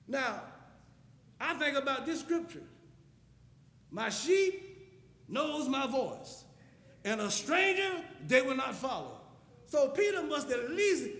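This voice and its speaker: A man preaching a sermon, telling stories and building to impassioned shouts. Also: very high-pitched. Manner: impassioned, storytelling, rising to shouts. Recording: echoey hall with long reverb.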